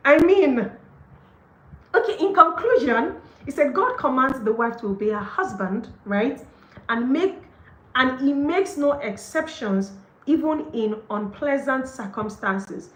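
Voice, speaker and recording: A woman, on the higher side in pitch, hosts a devotional book study. She reads a passage and then gushes over it, with plenty of laughs and fillers like "like" and "okay". Her voice rings in an echoey room. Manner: gushing and excited, often laughs, leans on "like" and "okay". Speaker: host of a book study session. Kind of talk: livestreamed devotional book reading and commentary.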